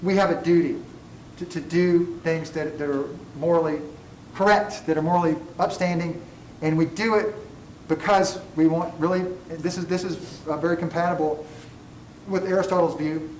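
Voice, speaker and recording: A man's voice: a little high, fairly even intonation, normal speed, darkish tone, recorded from a distance, a little hiss or hum. Man lecturing in an echoey classroom. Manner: digressive, self-deprecating humor. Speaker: college ethics instructor.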